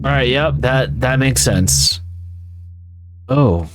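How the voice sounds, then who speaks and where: A man's voice: mid-range voice, slow, over music. A man giving casual, rambling gameplay commentary, swearing often. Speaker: gaming YouTuber.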